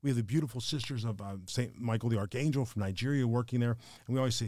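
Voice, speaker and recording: Fast-talking older man storyteller. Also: mid-range voice, no echo, studio quality. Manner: fast, animated storyteller who acts out quoted dialogue. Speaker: podcast guest, financial advisor. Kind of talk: emotional storytelling in conversation.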